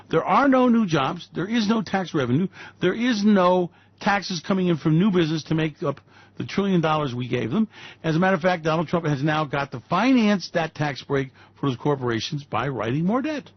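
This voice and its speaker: A man's voice: on the high side, slightly rough, no echo, dull audio. A man hosting financial commentary, ranting with sarcastic, mocking and profane remarks about economic policy.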